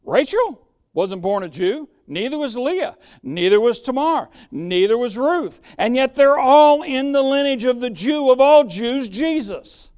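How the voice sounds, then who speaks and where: A man's voice: extremely high pitch, lively intonation, unhurried, darkish tone, clean tone. A man preaching a sermon as pastor, emphatic and fond of rhetorical questions.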